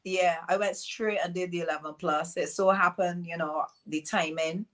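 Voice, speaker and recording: A middle-aged woman from East London with a mixed Barbadian and London accent, telling her story as an interview guest, animated and acting out quotes. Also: on the low side, moderate pace, a loud crowd. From East London, England. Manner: animated, acts out quotes, many fillers.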